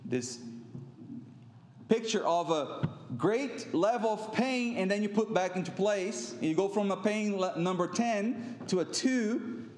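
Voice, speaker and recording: A middle-aged pastor preaches slowly in a conversational way, drifting into anecdotes and little acted-out voices. His voice sits high for a man. The sound rings around an echoey church hall. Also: a little mellow. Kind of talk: sermon. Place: church sanctuary.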